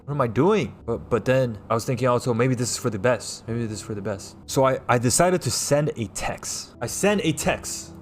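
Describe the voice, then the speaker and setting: A young man from New York, livestreaming and telling a personal story to his chat in a rambling way, loud one moment and hushed the next. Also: medium pitch, normal speed, few pauses, slight background noise.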